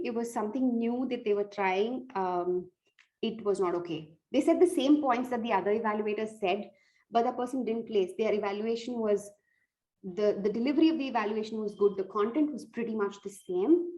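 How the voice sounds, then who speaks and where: A woman's voice: mid-range voice, a little mellow, low-quality recording. A woman giving earnest, direct tips on evaluating speeches, restarting phrases as she goes. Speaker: speech contest coach.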